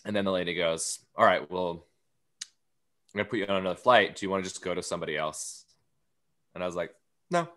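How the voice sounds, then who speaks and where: A man telling a long, animated travel story on a podcast, acting out the lines of the people in it. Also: deep voice, quick pace, long pauses. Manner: storytelling, acts out quoted lines. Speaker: guest comedian. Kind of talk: casual anecdote on a podcast.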